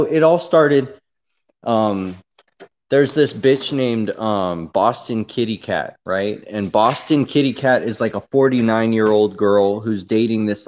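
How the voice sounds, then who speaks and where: A man's voice: on the low side, darkish tone, muffled recording. A man ranting casually on a livestream, telling a long story in a heated, profane and rambling way.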